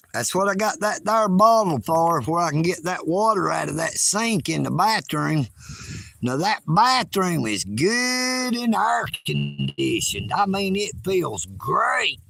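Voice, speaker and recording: A man's voice: sits high, creaky, pushed and bright. A man from Georgia with a Southern accent, live-streaming outdoors at a lakeside park and chatting in a folksy, boastful way, teasing his viewers. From Georgia, United States. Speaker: livestream host. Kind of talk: casual outdoor livestream chat.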